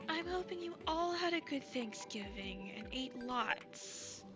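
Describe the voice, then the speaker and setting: A woman streamer chatting casually with her viewers, soft and gushing, stumbling over ums and restarts, still getting over a cold. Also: sits high, animated, slow, lo-fi sound. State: recovering from a cold. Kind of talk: casual live-stream chat. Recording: streamer's mic with music behind.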